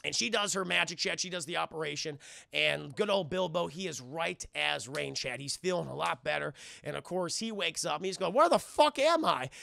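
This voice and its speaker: A young man streaming a rambling, profane film recap to his chat, full of fillers and sudden loud voiced impressions. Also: fairly quick, vocal fry, no room sound. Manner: jumps into loud high-pitched impressions of characters. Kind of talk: animated recap with voiced quotes.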